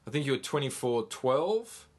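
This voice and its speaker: A man hosting a casual footy podcast, chatty and sweary. He spins stories at a mid pitch and talks freely. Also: sing-song, normal speed, breathy edge. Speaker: podcast host. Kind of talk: casual sports chat.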